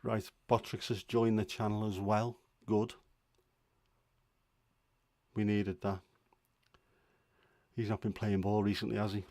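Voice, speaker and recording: A man's voice: fairly low pitch, level tone, slow pace, long pauses, a little mellow, no echo. A middle-aged man hosting a livestream from home, chatting casually in a grumbling, self-deprecating way. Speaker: livestream host. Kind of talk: casual chat.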